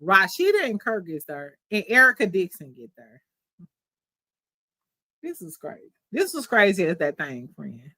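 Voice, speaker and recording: A woman's voice: mid-range voice, wildly swooping pitch, a little slow, sharp tone, no room sound, poor audio. A woman hosting a podcast, recapping reality TV in casual, profane, gossipy chat. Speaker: podcast host.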